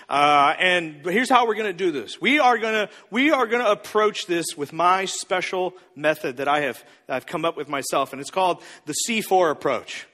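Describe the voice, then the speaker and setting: A man's voice: on the high side, bright, forceful tone. A man playing a cocky, smug advice guru who teases and drills the audience. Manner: mock-confident, teasing, drills the audience. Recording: reverberant hall.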